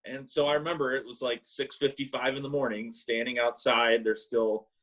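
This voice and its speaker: A man co-hosting a casual podcast over a call, telling animated stories and mimicking people in a high voice. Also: moderate pace, low-quality recording. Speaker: podcast co-host. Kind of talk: casual chat, storytelling. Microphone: remote call mic.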